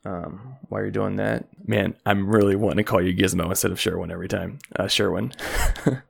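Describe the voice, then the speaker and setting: A man's voice: deep voice, fairly even intonation, fast, gravelly, slightly rough. A man narrating as game master at home, rambling with lots of fillers.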